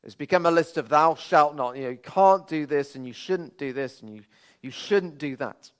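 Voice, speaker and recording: Male preacher at a church service, a touch high-pitched, conversational and earnest with light humor. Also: normal speed, smooth. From Birmingham, England. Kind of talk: sermon. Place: church service, streamed online.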